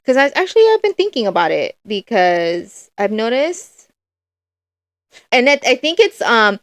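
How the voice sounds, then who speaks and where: A woman co-hosting a podcast in casual chat, speaking in a hesitant, halting way. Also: fairly high pitch, very animated, no echo, clean studio sound. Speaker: podcast co-host.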